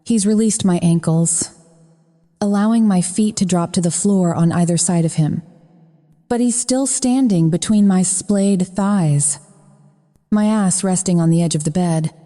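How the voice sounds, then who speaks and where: Low-voiced woman narrating an audiobook. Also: measured pace, mellow. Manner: frank and profane. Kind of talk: first-person romance audiobook narration. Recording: long reverb.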